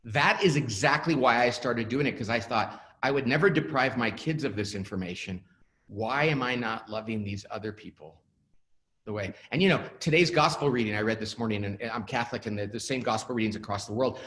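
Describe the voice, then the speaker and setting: A middle-aged man talks through a webinar interview in a lively, up-and-down voice. He tells stories and acts out the lines of the people in them. His pitch sits in the middle for a man. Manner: animated storyteller who acts out quoted dialogue. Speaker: author and guest speaker.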